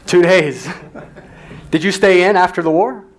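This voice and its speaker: A man with a slightly raised pitch hosts a live storytelling night in a restaurant. He talks casually and easily, drawing guests out with questions and light teasing. His speech is relaxed and conversational. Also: unhurried. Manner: easygoing, teasing, asks follow-up questions. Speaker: event host. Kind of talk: casual moderating. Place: restaurant event room.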